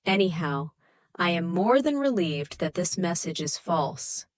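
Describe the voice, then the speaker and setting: A woman voicing a soft-spoken, formal and apologetic male diplomat on the phone. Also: fairly low pitch, big pitch swings, measured pace, dry recording, studio quality.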